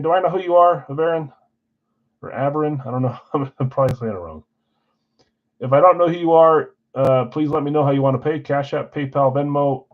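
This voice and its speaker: A man's voice: medium pitch, muffled recording. A man hosting a live card break stream, reeling off names and teams in a casual, friendly roll-call and mumbling his asides. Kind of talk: casual livestream chat reading team picks.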